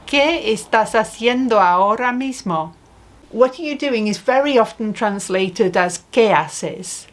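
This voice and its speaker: A woman's voice: on the high side, lively intonation, a little slow. A woman teaching a language lesson, patiently asking questions and modeling phrases for the learner. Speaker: Spanish teacher. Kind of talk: slow spoken language lesson.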